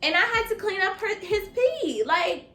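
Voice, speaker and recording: A woman nail technician telling a casual storytime, animated and profane, talking straight to her viewers as "y'all.". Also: extremely high pitch, moderate pace, slight background noise. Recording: echoey room.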